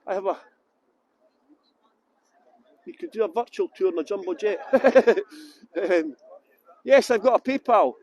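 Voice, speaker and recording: A man's voice: sits high, animated, unhurried, long pauses, a little mellow, lo-fi sound. A Scottish man leading a live walking tour outdoors, chatting casually and reading viewer comments as he goes. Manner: chatty, rambling, reads viewer comments aloud. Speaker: tour guide. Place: outdoors on a waterfront.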